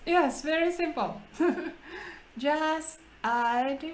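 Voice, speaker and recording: A woman hosting a casual language-practice chat, talking slowly, laughing often and restarting her phrases. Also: sits high, a little hiss or hum, rough recording. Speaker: English conversation partner and host.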